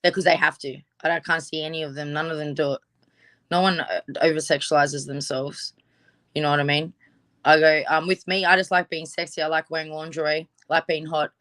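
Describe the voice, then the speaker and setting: Woman guest, bright forceful voice, frank chatty boxer, dry sound. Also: low-pitched, little pitch movement, a little fast, dry recording. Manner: chatty, lots of fillers, blunt and frank. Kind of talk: casual interview chat.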